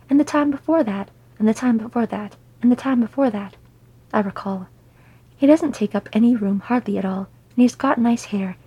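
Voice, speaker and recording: A woman voicing a proud male dwarf king who is gruff and grumbles sulkily. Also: mid-range voice, dark tone. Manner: grumbling, sulky pleading.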